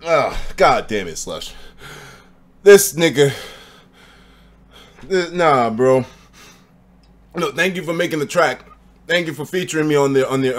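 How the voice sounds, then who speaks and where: A tipsy young man chats on a live stream from home, swearing freely and bouncing between shouts and mumbles. His pitch sits a bit high for a man and swoops around a lot as he talks. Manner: loose, profane and excitable, swinging between loud outbursts and low mumbles. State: tipsy after drinking. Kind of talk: casual live-stream chat. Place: home apartment.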